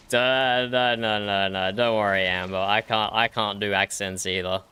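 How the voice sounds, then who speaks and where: A man's voice: lowish voice, expressive, slow pace, sharp tone. An Australian man chatting casually during an online roleplay game, laughing often and repeating his own phrases. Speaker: roleplay streamer.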